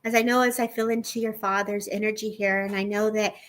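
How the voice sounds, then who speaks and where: Earnest woman giving a gentle medium reading. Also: mid-range voice, level tone, fairly quick, poor audio. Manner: soft, earnest, repeats "I feel like". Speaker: psychic medium host. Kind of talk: live-stream medium reading.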